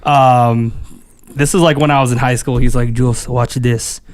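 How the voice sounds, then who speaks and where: A man's voice: mid-range voice, fairly even intonation, normal speed, a little hiss or hum. A man hosting a casual podcast, swearing, laughing and doing voices as he tells stories. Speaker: podcast host.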